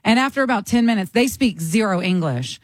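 A woman's voice: medium pitch, brisk, no echo. A woman from the United States telling a story in casual chat and acting out the people in it. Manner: animated storyteller acting out quotes.

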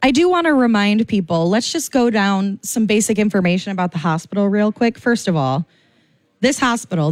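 A woman's voice: mid-range voice, no echo. A female radio co-host in a morning fundraiser chat, chatty and playful with a self-deprecating humor.

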